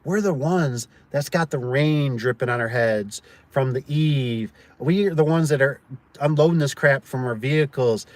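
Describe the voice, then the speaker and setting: A man who owns a door and gate business rambles casually on a livestream in a medium-pitched voice at normal speed, with no room sound. He tells stories packed with fillers and acts out the people he quotes.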